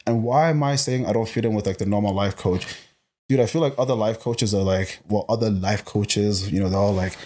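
A man who grew up in Botswana, talking as an interview guest about coaching, passionate and energetic with many restarts. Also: on the low side, brisk. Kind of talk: casual interview talk.

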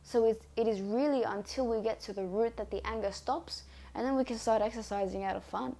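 A woman's voice: on the high side, fairly quick, gravelly, dark tone. A woman hosting a podcast, giving an earnest self-help talk with repeated coaching phrases. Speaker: podcast host. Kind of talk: reflective self-help monologue.

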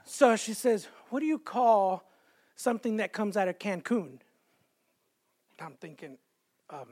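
A man's voice: very high-pitched, animated, normal speed, pauses often. A man in his thirties, a guest evangelist from the Los Angeles area, giving a sermon in a church with chatty, self-deprecating stories and jokes. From Los Angeles area, California. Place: church sanctuary with stage.

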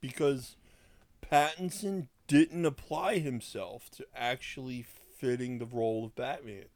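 A man's voice: mid-range voice, unhurried, darkish tone, dry recording. A man co-hosting a casual podcast, ranting indignantly with heavy swearing, recorded on a desk mic. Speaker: podcast co-host.

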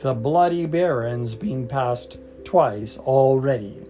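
A man's voice: medium pitch, takes it slowly, dark tone, soft background music, close to an everyday voice. A man voicing a timid, clumsy schoolboy in a storybook reading, nervous and pleading.

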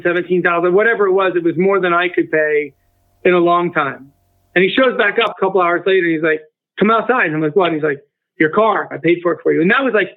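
A man in his forties telling a personal story as a guest, acting out the other people's lines as he goes. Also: high voice. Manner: acts out quoted dialogue with a lively shift in tone. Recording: tinny phone-like remote line.

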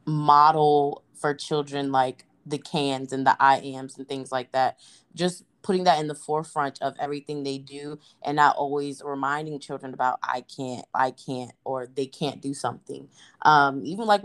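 Lady podcast host, really low voice, thoughtful and agreeing. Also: clean tone. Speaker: podcast host, children's librarian. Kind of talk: casual conversation.

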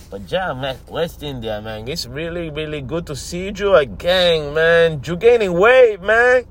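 A man hosting a comedy podcast, teasing and exclaiming in animated character chat from inside a car. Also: fairly high pitch, unhurried, few pauses.

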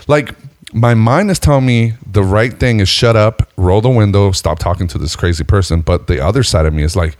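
Deep-voiced man telling an animated story. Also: a little fast, dry recording. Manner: animated storyteller, jumps high when acting out quotes, laughs often; swears freely, says "bro" and "dude". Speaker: podcast co-host telling a story. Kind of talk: casual storytelling chat.

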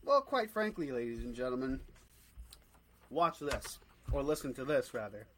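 A man's voice: medium pitch, sing-song, normal speed, a bit bright, slight background noise, low-quality recording. A man co-hosting a sports podcast, ranting in a fired-up way and swearing freely. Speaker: podcast co-host. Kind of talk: casual sports podcast chat.

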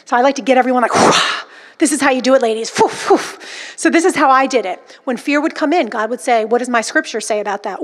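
Woman preacher, high voice, emphatic and dramatic delivery. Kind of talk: sermon.

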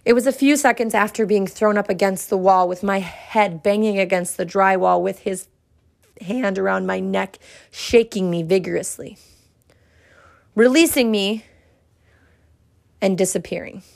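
A woman in her thirties, a podcast host, telling a personal story in an earnest, reflective way with dramatic pauses. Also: medium pitch, creaky, darkish tone.

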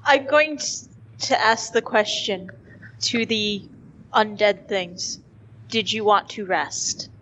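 A woman's voice: medium pitch, slow, fairly bright tone, slight background noise, rough recording. A woman playing a tabletop game, talking in an easygoing, self-deprecating way. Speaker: player. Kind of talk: casual tabletop play.

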